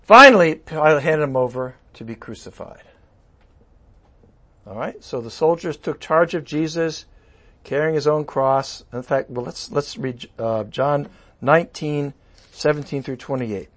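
A male pastor preaching a sermon with animated, conversational asides. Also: on the high side, unhurried.

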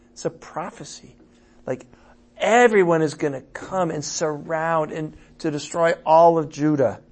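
A man leading an evening Bible study, reading scripture aloud with quiet asides and loud, emphatic passages, often checking in with his listeners. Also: on the high side. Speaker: Bible teacher.

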